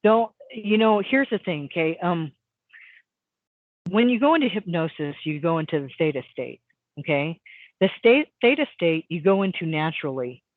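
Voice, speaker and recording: A woman who works as a hypnotist, telling a story on a call in a rambling, animated way with lots of fillers. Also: on the low side, moderate pace, no echo. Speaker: guest, hypnotist. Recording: tinny phone line, dry.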